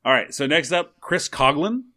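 Bright, lively joking man. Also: on the high side, normal speed. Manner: joking, self-mocking. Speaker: podcast co-host. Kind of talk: casual chat.

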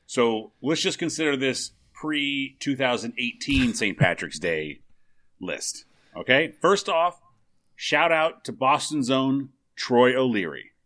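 A man's voice: mid-range voice, sing-song, slow, a bit bright. A man co-hosting a podcast in casual chat, joking and poking fun at himself. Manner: joking, self-mocking. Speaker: podcast co-host.

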